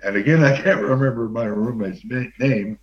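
An older man, a former pro football player, telling a long anecdote as an interview guest in a relaxed, rambling way with many fillers. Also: medium pitch, normal speed. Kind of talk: anecdotal storytelling. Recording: dull lo-fi sound.

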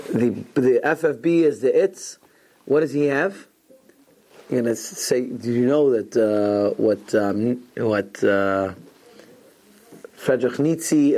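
A man's voice: medium pitch, warm tone. A man teaching an informal Torah class to students, telling rambling stories sprinkled with Hebrew and Yiddish terms, often restarting his sentences. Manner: frequent restarts and asides.

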